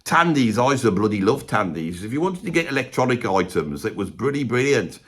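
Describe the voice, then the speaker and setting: A man plays a gossipy, rambling middle-aged ex-roadie from Birmingham, ranking bands in a comic monologue to camera with a Birmingham accent, mild swearing and plenty of "bloody". He grumbles, drifts off topic and throws in chummy asides. His medium-pitched, breathy-edged voice swings widely in pitch and moves fairly quickly.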